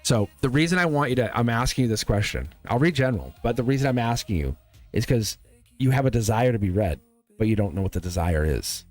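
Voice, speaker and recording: A man's voice: medium pitch, lively intonation, fast, faint music behind. A man hosting a live-stream tarot reading in a loose, rambling, encouraging way, often checking in with his viewers. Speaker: tarot reader and channel host.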